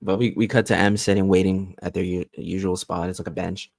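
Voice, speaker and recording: A man co-hosting a casual TV recap podcast, retelling scenes in a relaxed way with fillers. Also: low-pitched, fairly quick, creaky, no echo. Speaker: podcast co-host.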